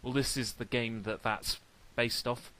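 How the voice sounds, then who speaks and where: Man, game stream host, casual, joking, bright voice. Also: mid-range voice, fairly even intonation, measured pace. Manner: joking, easygoing. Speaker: host playing video games on a livestream. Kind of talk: casual chat.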